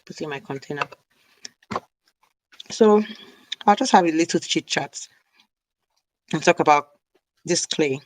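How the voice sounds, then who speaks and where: A woman's voice: low voice, measured pace, pauses often, darkish tone, dry recording, rough recording. Chatty woman, dry close sound. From Nigeria (South South). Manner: rambling, chatty, talks while eating. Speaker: hair care vlogger. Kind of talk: casual live-stream chat. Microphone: camera mic on a live stream.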